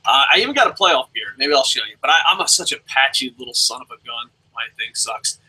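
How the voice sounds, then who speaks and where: A young man hosting a casual live review alone, reading viewer comments aloud and swearing freely as he jumps between loud outbursts and mumbled asides. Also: medium pitch, expressive, fairly quick, breathy edge, low-quality recording. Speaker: show host.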